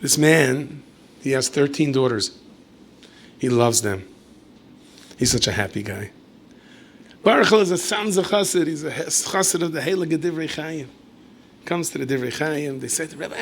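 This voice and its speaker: A man's voice: fairly high pitch, expressive, normal speed, pauses often, a little hiss or hum. A man, a rabbi, telling a story in a lecture with playful asides and acted dialogue.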